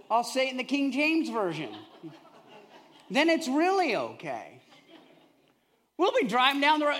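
A male pastor preaches with animated storytelling and a bright, forceful tone. His pitch rises and falls widely, and he swings from loud bursts to hushed asides. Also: a little slow, long pauses. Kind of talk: sermon.

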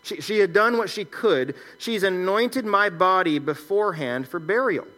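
Male pastor, higher voice, bright tone, relaxed teaching sermon that walks through scripture. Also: normal speed. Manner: conversational teaching, reads scripture aloud and comments.

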